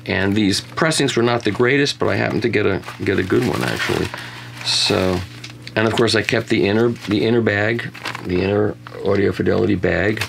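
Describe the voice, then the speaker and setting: A man's voice: fairly low pitch, moderate pace, creaky, noisy background. A man reviewing vinyl records in a casual conversation, chatty and full of self-mocking jokes and restarts. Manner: chatty storyteller who often restarts and jokes about himself.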